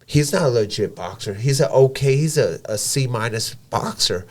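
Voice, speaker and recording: A man's voice: mid-range voice, normal speed. A man who is a professional boxer and gym owner, telling stories in casual podcast talk, swearing freely and acting out conversations. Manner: animated storyteller, swears freely, acts out dialogue.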